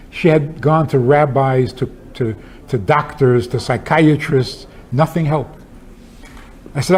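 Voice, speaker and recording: A man's voice: medium pitch, measured pace, darkish tone, slight background noise. A man, a rabbi, giving a talk with humorous stories and pointed rhetorical questions in an emphatic, wry manner. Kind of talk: lecture with humorous storytelling.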